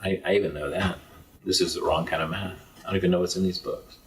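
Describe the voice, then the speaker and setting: Deep-voiced earnest American man, off-mic. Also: fairly even intonation, fast, distant mic, low-quality recording. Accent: neutral American, faint Texas trace. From East Texas. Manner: earnest, reflective storyteller. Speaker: podcast guest, entrepreneur. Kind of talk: casual conversation.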